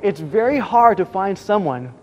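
High-voiced man preaching a sermon. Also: sing-song, normal speed, darkish tone, slight background noise, low-quality recording. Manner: conversational preaching, acts out quoted voices. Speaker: pastor.

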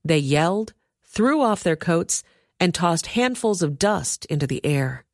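Woman reader, lowish voice, dry close sound, steady scripture reading. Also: dry recording. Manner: steady, measured storytelling.

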